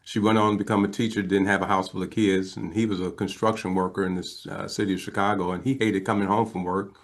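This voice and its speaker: A man in his fifties speaks as an interview guest, telling a personal story in a fairly low voice. He is animated and earnest, and he slips into quoted voices as he goes. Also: quick pace. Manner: emotional, earnest.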